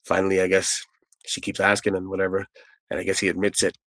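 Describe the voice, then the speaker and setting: A man's voice: low voice, completely flat delivery, fast talker, fairly bright tone, no echo, poor audio. A man, a guest telling a personal story in a candid, rambling way full of asides. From Canada. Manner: conversational and rambling, with asides and restarts.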